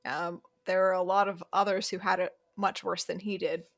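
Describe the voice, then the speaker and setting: A woman co-hosting a podcast, casually recapping a film in a chatty way, laughing often and pausing on fillers. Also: lowish voice, level tone. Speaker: podcast co-host.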